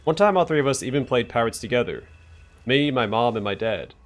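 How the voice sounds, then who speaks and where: A man's voice: medium pitch, lively intonation, fairly quick, close to an everyday voice. A man reading the lines of an ashamed, bitter young man in a game, muttering and putting himself down. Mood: glum. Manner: muttering, self-deprecating.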